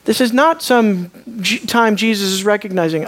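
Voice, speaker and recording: Preacher giving a sermon, goes quiet and slow then gets loud and punchy, keeps asking the crowd questions. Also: mid-range voice. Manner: swings between hushed, slow asides and loud, emphatic declarations; asks the listeners rhetorical questions.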